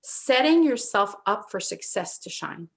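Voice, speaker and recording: A woman with a thick French accent, co-hosting a casual chat and telling animated, self-deprecating stories. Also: medium pitch, a little slow, vocal fry. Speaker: podcast co-host.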